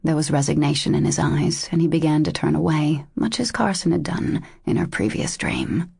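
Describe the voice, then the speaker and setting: Low, gravelly woman narrating an audiobook. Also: expressive, moderate pace, darkish tone, no room sound, studio quality. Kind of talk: scripted narration.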